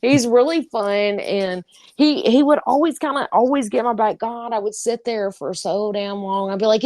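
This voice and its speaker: A woman co-hosting a podcast in casual chat, animated and laughing, swearing freely as she tells stories. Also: mid-range voice, moderate pace, no echo. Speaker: podcast co-host.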